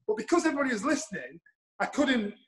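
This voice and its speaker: A middle-aged man, telling a story in an animated way, swearing and acting out the lines he quotes. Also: very high voice, quick pace, crowd noise, low-quality recording. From England. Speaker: guest storyteller. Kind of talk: anecdotal storytelling.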